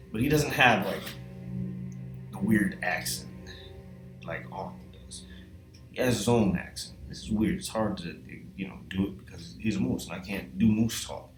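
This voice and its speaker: A man telling a rambling, profane comedic story in a casual, animated way. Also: mid-range voice. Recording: echoey room with faint music.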